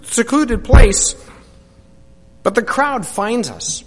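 A man preacher performing a first-person dramatic monologue, animated storytelling that swings from hushed to loud. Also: high-pitched, measured pace, soft background music. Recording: long hall reverb.

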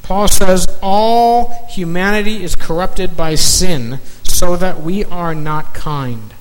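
A man preaching a sermon in slow, emphatic phrases, dropping to a near-whisper on key words. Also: sits high. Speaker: pastor. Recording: long reverb of a large hall, faint noise.

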